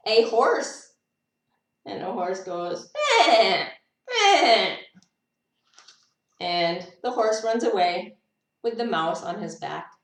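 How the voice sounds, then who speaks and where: The teacher draws out her words in a lowish voice, pausing often as she reads a picture book to children. Her playful animal noises, laughs, and musing asides feel spontaneous, and she sounds far away in an echoey space.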